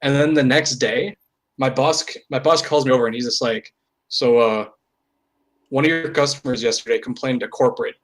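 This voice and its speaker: A young man co-hosting a podcast, telling a work story in a deadpan, casual way, with some swearing. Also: medium pitch, moderate pace, poor audio. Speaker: podcast co-host. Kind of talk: casual chat.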